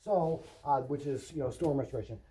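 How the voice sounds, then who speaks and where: A man's voice: medium pitch, a little fast, mellow, rough recording. A man coaching roofing salespeople in a vlog, talking emphatically and often checking in with the viewer by asking "right?". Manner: emphatic coaching, role-plays customer and salesman lines. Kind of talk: instructional vlog.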